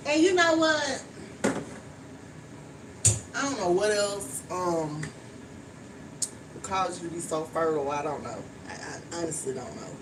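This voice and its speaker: A woman with a drawl talks frankly and casually, swearing now and then as she cooks in her kitchen. She sounds a little distant from the microphone. A clear layer of background noise runs under her voice. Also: lowish voice, lively intonation, unhurried, long pauses. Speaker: vlogger. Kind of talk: casual chat while cooking. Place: home kitchen.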